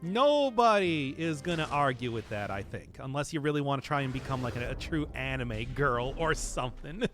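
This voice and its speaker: A man's voice: mid-range voice, sing-song, normal speed, a bit bright, faint music behind. A man chatting casually to his viewers while playing a game, rambling and chuckling often as he answers chat. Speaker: streamer. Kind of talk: casual live-stream commentary while gaming.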